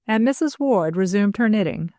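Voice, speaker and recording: A woman narrates a novel in a steady, measured way, her pitch in the middle range. The recording is close and dry, without room echo. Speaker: audiobook narrator. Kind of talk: scripted narration.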